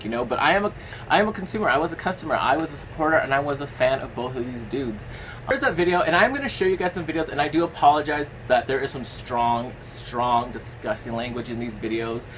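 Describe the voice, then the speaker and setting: Young man, casual vlog commentary, rambling with fillers, blunt and sweary, mid-range pitch, slight background hiss. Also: fairly bright tone, poor audio. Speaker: commentary vlogger.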